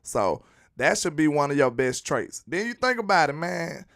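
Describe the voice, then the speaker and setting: Animated, laughing man hosting sports talk. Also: a little high, normal speed, creaky. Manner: laughing often, preachy and animated. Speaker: sports show host. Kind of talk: casual live sports talk.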